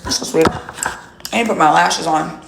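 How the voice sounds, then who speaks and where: A woman's voice: lowish voice, normal speed, gravelly, reverberant, a little hiss or hum. Blunt, profane woman. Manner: blunt, profane, talks straight to viewers. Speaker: livestream host. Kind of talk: casual livestream chat.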